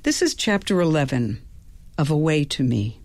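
A woman hosting a radio reading, narrating a novel in a calm, measured first-person voice. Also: deep voice, no echo. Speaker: radio host and reader.

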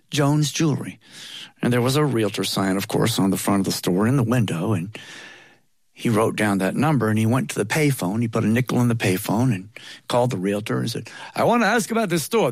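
A man's voice: medium pitch, gravelly, no room sound. A man telling a humorous personal story in a wry, conversational way with playful asides.

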